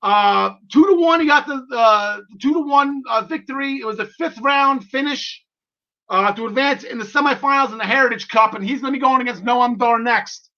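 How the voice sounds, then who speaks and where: A man hosting a wrestling podcast in an excitable, chatty way, tripping over his words and laughing between thoughts. His voice sits very high and sounds bright and forward. The audio is a bit dull and lo-fi. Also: moderate pace. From half Irish. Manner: enthusiastic, laughs often, many fillers and restarts. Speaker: podcast host. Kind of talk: casual wrestling podcast chat.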